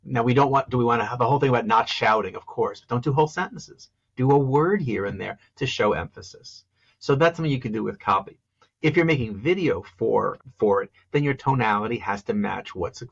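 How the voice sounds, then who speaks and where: A man of middle pitch with a husky, slightly rough voice, talking as a public speaking coach in a podcast interview. He explains with animation and keeps acting out example phrases to show where the stress falls. The audio sounds dull and lo-fi. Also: a bit bright.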